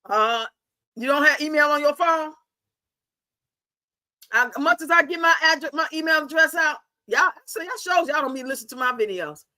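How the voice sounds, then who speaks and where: A chatty woman hosting a livestream, blunt and full of profanity as she answers viewer comments. Her voice is bright and forceful. The sound is close and dry, with no room around it. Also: high-pitched, moderate pace, no echo. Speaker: livestream host.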